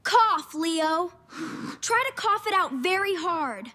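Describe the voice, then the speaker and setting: A woman voicing a sensible, bossy young girl in a slow cartoon story, scolding and urgent. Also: extremely high pitch, expressive, bright, forceful tone, full character voice. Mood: worried. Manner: scolding, then urgent and frantic. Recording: reverberant room.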